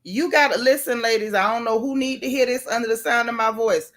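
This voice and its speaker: A woman with a drawl runs a casual livestream, her voice sitting a bit on the high side. She talks to her audience like old friends and calls out viewers by name. Her asides are folksy and chatty. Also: a little fast, a bit bright. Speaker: YouTube livestream host.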